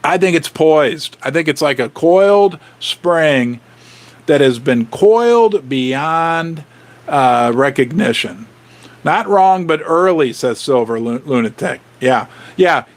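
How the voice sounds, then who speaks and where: A middle-aged man hosting a casual livestream, excitably rattling off viewer names and shout-outs, his voice going hoarse. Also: on the high side. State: losing his voice. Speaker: livestream host.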